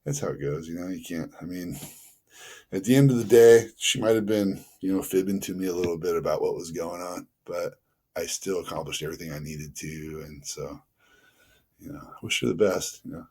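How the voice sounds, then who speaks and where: A man from the Los Angeles area, a podcast guest telling stories in a casual, animated way, acting out quoted dialogue and using lots of fillers. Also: low-pitched, brisk, husky. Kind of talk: casual storytelling.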